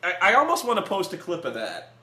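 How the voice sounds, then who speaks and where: A man chatting casually in a comedic movie review, animated and prone to shouting out quotes. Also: high-pitched, fast talker, reverberant, crowd noise.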